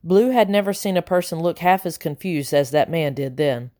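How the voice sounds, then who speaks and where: Brief: woman audiobook narrator, lower voice, dry close sound, animated storytelling. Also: normal speed, no echo. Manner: lively, voices the characters. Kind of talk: scripted narration.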